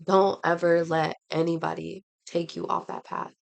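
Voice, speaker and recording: A woman's voice: fairly low pitch, flat delivery, moderate pace, gravelly. A woman voicing a candid woman in her thirties she met, speaking earnestly. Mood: urging. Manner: earnest, preachy.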